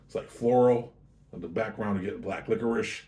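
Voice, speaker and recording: A man's voice: fairly low pitch, a little fast, darkish tone. A man hosting his own whiskey review show, chatting casually and easygoing as he tastes and describes a drink. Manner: chatty, easygoing, self-correcting.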